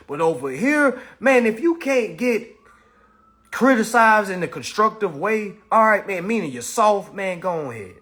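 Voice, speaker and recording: A man teaching and mentoring, talking casually to his viewers in a blunt, profane, animated way. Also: sits high, measured pace. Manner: blunt, profane, animated, keeps saying "all right".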